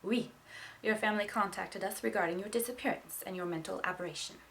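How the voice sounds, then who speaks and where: A woman's voice: medium pitch, quick pace, creaky, fairly bright tone, a little hiss or hum, poor audio. A woman voicing a matter-of-fact male French police officer with a French accent, speaking in a curt, businesslike way.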